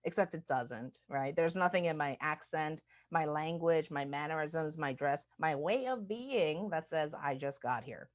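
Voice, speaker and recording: Low, conversational woman speaker, muffled audio. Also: normal speed, few pauses. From United States. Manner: conversational, frequent "like" and "right?". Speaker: diversity speaker. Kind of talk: recorded webinar talk.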